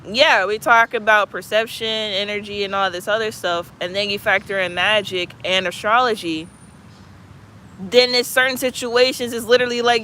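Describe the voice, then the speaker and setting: A man with a high, bright voice chats in a loose, reflective way, full of fillers and trailing thoughts. Faint traffic and vehicle noise sits behind him outdoors. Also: fairly even intonation, normal speed. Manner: loose and musing, many "like" fillers. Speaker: channel host. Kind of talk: casual reflective chat.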